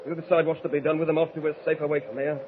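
A man plays a menacing mutineer ringleader, barking threats in coarse grammar. His voice sits high, coming through a muffled 1940s radio broadcast with faint hiss. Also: level tone, rapid-fire, lightly acted.

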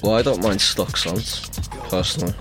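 A man's voice: fairly low pitch, moderate pace, music in the background. A man co-hosting a podcast, laid-back and easygoing, swearing casually while reviewing demos. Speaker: podcast co-host.

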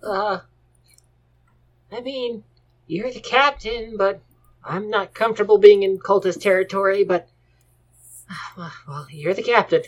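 A man's voice: high voice, a little slow, long pauses, voice pushed up. A man playing a grudging uneasy crewman. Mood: reluctant. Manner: hesitant, grudging. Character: uneasy reluctant male ship crewman.

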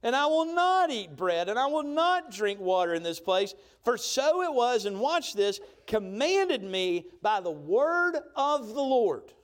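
Guy preaching a sermon, high voice, swings up and down a lot, storytelling style. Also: measured pace, few pauses. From Georgia. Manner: storytelling with lively emphasis, frequent "right?". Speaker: pastor.

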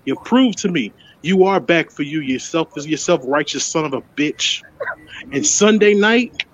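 A man's voice: on the high side, lively intonation, measured pace, muffled recording, slight background noise. A man, a podcast co-host, delivering a heated, profane rant that accuses a wrestler directly. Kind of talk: ranting address to a wrestler.

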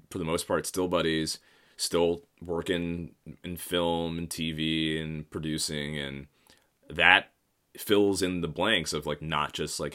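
A man's voice: rumbling low, fairly bright tone. A man in his thirties rambling through a casual, profane, self-mocking monologue. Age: 30s.

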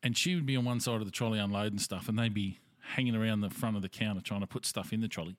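A man co-hosting a podcast, throwing in crude, quick-witted banter. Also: on the low side, fairly even intonation, dry recording, studio quality. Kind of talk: casual chat.

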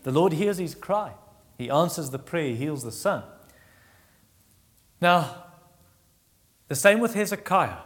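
A man's voice: lively intonation, in a large hall. Man preaching with acted-out voices. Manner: acts out Bible voices in a raised pitch, quiet and slow on comfort; halting restarts while teaching. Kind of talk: sermon.

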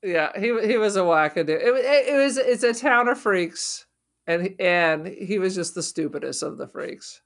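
A woman's voice: medium pitch, animated, normal speed. A woman co-hosting a podcast, trading crude jokes and quips about a horror film. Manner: wisecracking, crude jokey quips. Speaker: podcast co-host. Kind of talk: casual movie-recap chat.

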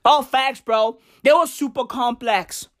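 A woman doing a profane comic rant, full of slang, swinging between shouting and hushed asides. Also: a little high, unhurried. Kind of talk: stand-up style comic rant.

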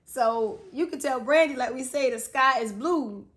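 A woman in her thirties co-hosting a podcast, telling family stories in a casual, animated way and laughing often. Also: high voice, unhurried. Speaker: podcast co-host. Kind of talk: casual chat.

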